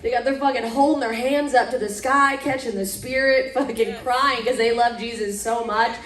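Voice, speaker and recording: Brash high-voiced woman comic. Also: steady tone, normal speed, a bit bright. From Mississippi, US. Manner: crude, brash, laughs at own jokes, acts out voices. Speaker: stand-up comedian. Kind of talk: stand-up routine. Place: comedy club stage. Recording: echoey club room, distant mic. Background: audience laughter.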